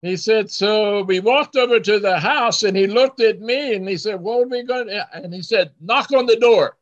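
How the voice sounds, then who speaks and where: A man preaching a story in short phrases for an interpreter, animated, acting out the voices of the people in his story. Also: high-pitched, moderate pace. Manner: animated, acts out hollering voices. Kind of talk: sermon storytelling with live interpreter. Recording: dull lo-fi sound.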